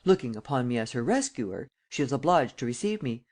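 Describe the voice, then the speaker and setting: A cool, self-assured gentleman thief who speaks with calm, sardonic ease, as a male audiobook reader voices him. He lays out his schemes with dry confidence in a storybook reading. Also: medium pitch, a little fast. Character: cool, cynical gentleman thief, middle-aged man.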